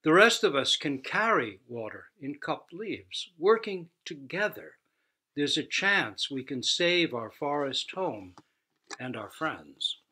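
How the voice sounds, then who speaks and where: A man's voice: fairly high pitch, very animated, slow pace, sharp tone, husky, full character voice. A man voicing a small, determined female parrot in a told story, earnest and urging. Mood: urgent.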